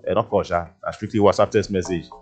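Chatty Nigerian radio DJ man, low voice. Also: fairly even intonation, quick pace, husky, lo-fi sound, soft background music. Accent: Nigerian Pidgin English. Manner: chatty, rambling, playful, with many fillers. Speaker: radio DJ host. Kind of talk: casual radio chat. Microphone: studio mic.

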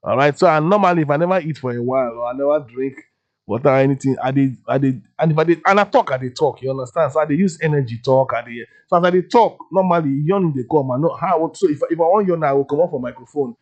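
A man with a Nigerian Pidgin English accent, hosting a radio show in a relaxed, chatty way. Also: a little high, fast talker, lo-fi sound. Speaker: radio host. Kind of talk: casual radio chat. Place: radio studio.

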